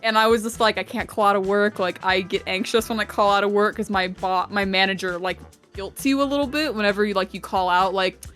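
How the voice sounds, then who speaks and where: A woman's voice: medium pitch, a little fast, a bit bright, faint music behind. A young woman on a podcast, telling a long, rambling work story full of fillers and laughter. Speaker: podcast co-host. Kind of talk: casual storytelling chat.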